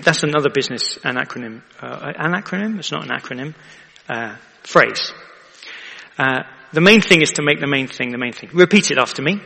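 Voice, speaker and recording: Male vicar, bright gravelly voice, chatty sermon in a reverberant hall. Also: medium pitch. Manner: chatty, asks the audience for agreement.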